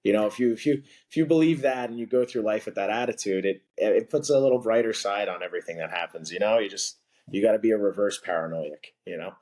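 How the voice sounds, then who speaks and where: A man's voice: lowish voice, quick pace, a little mellow. A young man telling a story as a podcast guest, rambling and filling his talk with "like". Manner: rambling, heavy on filler "like". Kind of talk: casual storytelling.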